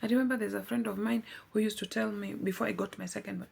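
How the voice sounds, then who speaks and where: Woman, slow earnest testimony, pleading, husky gravelly voice. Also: medium pitch, level tone, a little mellow. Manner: earnest, pleading, repeats for emphasis. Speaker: vlogger. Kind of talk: heartfelt personal testimony.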